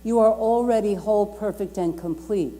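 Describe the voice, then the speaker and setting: A woman's voice: mid-range voice, moderate pace, mellow. A woman reverend preaching a Sunday sermon, stressing and repeating her key phrases and inviting the congregation to speak along. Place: community lounge at a YMCA. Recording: long reverb from a lounge room.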